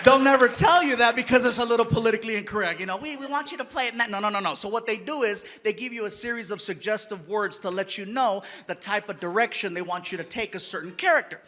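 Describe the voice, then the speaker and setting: Male stand-up comedian, very high voice, animated, exasperated, live stage. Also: quick pace, hardly any pauses. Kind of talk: stand-up storytelling.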